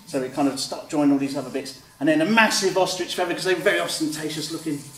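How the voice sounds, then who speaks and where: A man's voice: a little high, quick pace, a bit bright. Man talking through a drawing demo. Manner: chatty, explains step by step, acts out kids' replies. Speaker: author and illustrator. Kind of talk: drawing demonstration with commentary. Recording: roomy sound, mic at a distance, faint background noise.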